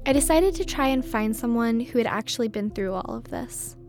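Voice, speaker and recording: A woman's voice: on the high side, lively intonation, brisk, a little mellow, faint music behind. A woman reporter giving scripted narration in a conversational, explaining way.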